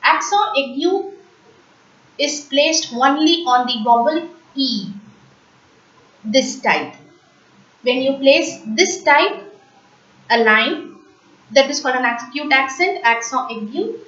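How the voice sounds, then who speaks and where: Woman, high voice, unhurried language teacher who repeats terms for beginners; distant, dull lo-fi recording. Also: animated, bright, forceful tone, reverberant. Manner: slow, patient, repeats words for learners to copy. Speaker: French teacher.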